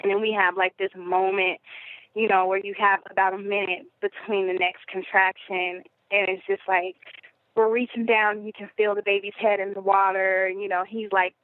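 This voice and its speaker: A woman's voice: medium pitch, little pitch movement, normal speed. A woman as a podcast guest, telling a personal story in a rambling, conversational way with many fillers. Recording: phone-like narrow audio.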